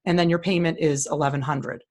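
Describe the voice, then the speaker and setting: Her voice is low, steady, and darkish, and she talks fairly quickly. She's a co-host in a casual screen-share chat, going through listings on screen with blunt, opinionated, plain-spoken remarks.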